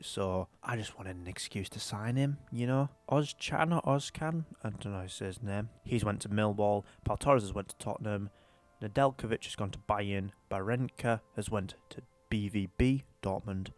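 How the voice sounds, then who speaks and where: Brief: young man, lower-pitched, rambling gaming commentary, faint music under it. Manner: chatty, rambling, mildly exasperated. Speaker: gaming YouTuber. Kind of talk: casual career-mode commentary.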